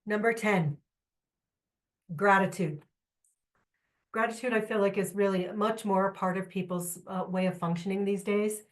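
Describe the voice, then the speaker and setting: A woman trainer giving a lively, candid workshop talk to a live audience, with joking asides and questions to the room. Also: mid-range voice, moderate pace, long pauses. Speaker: trainer presenting at a symposium.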